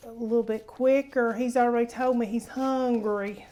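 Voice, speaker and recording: A woman's voice: a little high, steady tone, moderate pace, dark tone. A woman hosting a casual cooking demonstration in her home kitchen, chatty and homey, calling viewers honey. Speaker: cooking show host.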